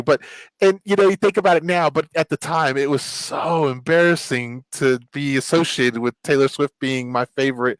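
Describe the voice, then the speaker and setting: Animated storytelling man host. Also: fairly high pitch, normal speed, no room sound, low-quality recording. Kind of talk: casual chat.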